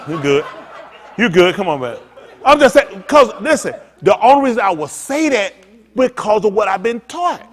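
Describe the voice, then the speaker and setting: A pastor with a high voice preaches at an ordinary pace, speaking directly to his congregation. His delivery is animated and loose, full of jokes, and his freewheeling sermon keeps drifting into comic asides.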